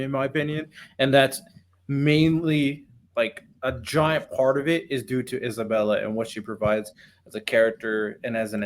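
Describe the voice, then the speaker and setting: Laid back podcast host guy, medium voice, reads chats, gives opinions. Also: medium pitch. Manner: relaxed, reads out viewer messages. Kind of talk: casual chat.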